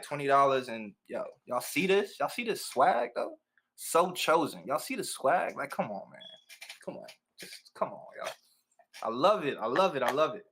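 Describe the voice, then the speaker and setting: A man's voice: mid-range voice, a bit bright. A man hosting a casual livestream interview, hyped and slangy, cheering his guest on. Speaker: host.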